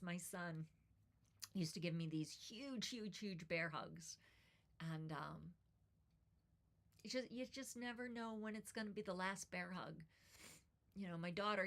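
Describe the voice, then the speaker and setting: A woman's voice: fairly low pitch, a bit bright. A woman in her forties, a host, reading a sentimental poem aloud and then talking casually, tender and heartfelt with her voice catching with emotion.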